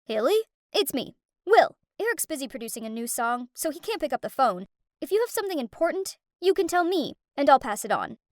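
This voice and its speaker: A calm young man speaks plainly on the phone, voiced by a woman narrator. The voice is high and lively. It is recorded dry and close for an animated story. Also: brisk, no room sound. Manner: calm, matter-of-fact.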